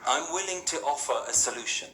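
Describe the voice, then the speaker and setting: This spiritual speaker's voice is a little high, animated, bright, and forceful, and he moves at a slightly fast pace. Addressing a hall audience, he talks conversationally, asks rhetorical questions, and repeatedly checks in with "yeah?" and "right?". Slight background noise and faint ambience sit in the echoey room.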